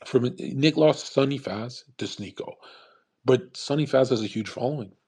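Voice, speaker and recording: Man, husky voice, mid pitch; rambling profane commentary host. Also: moderate pace, darkish tone. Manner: rambling, profane, emphatic, restarts often. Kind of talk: casual monologue commentary.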